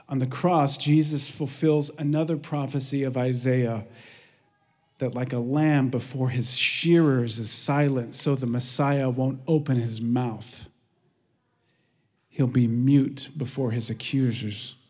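A man preaching a sermon, telling stories with energy and dropping to a hushed, prayerful tone. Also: slightly rough. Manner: earnest, lively storytelling with hushed prayerful lows. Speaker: pastor. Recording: long reverb of a large hall.

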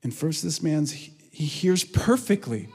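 A man preaching a sermon, telling stories with energy and dropping to a hushed, prayerful tone. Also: takes it slowly, breathy edge. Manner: earnest, lively storytelling with hushed prayerful lows. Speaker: pastor. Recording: long reverb of a large hall.

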